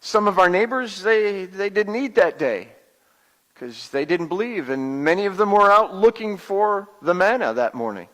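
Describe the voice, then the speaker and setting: A male pastor playing a humble, wary Israelite father in a first-person monologue, confiding and plainspoken with halting repeats. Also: sits high, expressive, fairly bright tone. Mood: reflective. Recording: long hall reverb.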